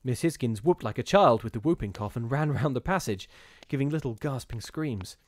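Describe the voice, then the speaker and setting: A man reading a gothic ghost story aloud in a measured, steady storytelling manner with occasional brief restarts. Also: medium pitch, dry recording. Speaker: reader of ghost stories.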